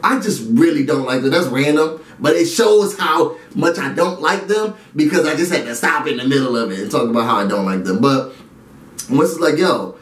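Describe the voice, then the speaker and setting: A fairly high-voiced man chats animatedly through a TV recap, breaking off into asides to his viewers. He sounds a little away from the camera mic, and the room around him echoes. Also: normal speed, distant mic. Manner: animated, chatty, talks straight to viewers with asides. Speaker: reality TV recap YouTuber. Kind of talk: casual recap and review vlog.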